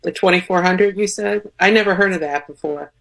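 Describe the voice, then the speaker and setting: A woman's voice: lowish voice, a little fast, creaky, fairly bright tone. A woman speaking as a guest on a call-in radio show, thoughtful and reassuring. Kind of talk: talk radio conversation.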